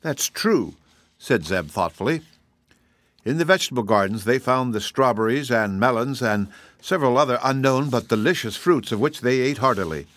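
A man narrating a children's fantasy audiobook in a steady, even reading. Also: medium pitch, fairly quick, no echo.

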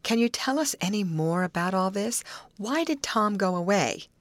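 A woman voicing a sensible young woman who asks quick, firm questions and speaks gently. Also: mid-range voice, lively intonation, no echo, pitched above the performer's own voice, close to an everyday voice. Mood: urgent.

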